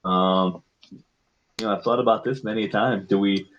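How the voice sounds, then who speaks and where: Man, easygoing, low voice, casual chat, faint noise. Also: steady tone, moderate pace, lo-fi sound. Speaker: player in a tabletop game podcast.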